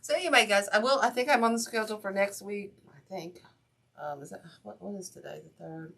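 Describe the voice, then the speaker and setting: A woman's voice: mid-range voice, fairly quick, gravelly, fairly bright tone, slight background noise. A woman hosting a craft livestream, chatting casually and rambling as she works and talks to viewers. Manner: chatty, rambling, with self-talk and asides to viewers. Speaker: craft channel host.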